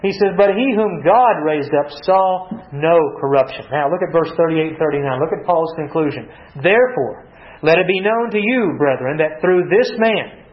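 A man preaching a Bible-teaching sermon, reading verses aloud and asking rhetorical questions. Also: on the high side. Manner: asks rhetorical questions, reads scripture aloud. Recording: echoey, dull lo-fi.

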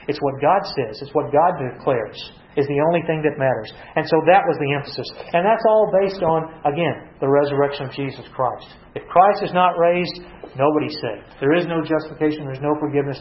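A man preaching a Bible-teaching sermon, reading verses aloud and asking rhetorical questions. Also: on the high side. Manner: asks rhetorical questions, reads scripture aloud. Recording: echoey, dull lo-fi.

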